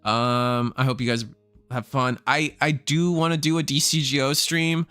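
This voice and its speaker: Casual rambling male streamer, smooth dry voice. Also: medium pitch, steady tone, normal speed, fairly bright tone, no echo, faint music behind. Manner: rambling, casual, swears freely. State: tired, burnt out. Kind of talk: casual live-stream chat.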